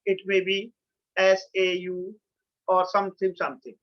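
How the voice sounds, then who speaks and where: High-voiced Indian lecturer, lo-fi recording. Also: male voice, completely flat delivery, normal speed. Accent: Indian English. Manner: mixes English and Hindi, repeats key words. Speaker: college lecturer. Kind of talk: classroom lecture. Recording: dull lo-fi sound.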